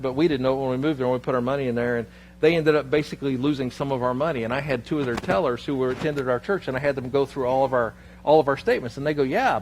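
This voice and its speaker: Animated storytelling pastor, man. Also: medium pitch, slight background noise. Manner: storytelling, animated, quoting others in his anecdotes. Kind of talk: sermon. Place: church sanctuary.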